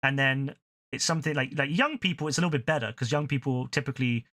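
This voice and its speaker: A young man from England with a British English accent rants and swears often in casual chat while streaming a game, laughing loudly. His voice is medium-pitched and quick, recorded dry with clean studio sound.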